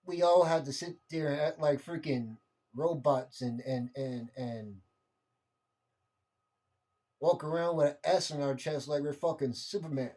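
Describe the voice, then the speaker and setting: A young man rants with heat, circling back over his points and swearing freely. His voice sits a little high with a mellow, soft-edged tone. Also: measured pace, pauses often. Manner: heated, repetitive, swears freely. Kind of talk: impassioned monologue rant.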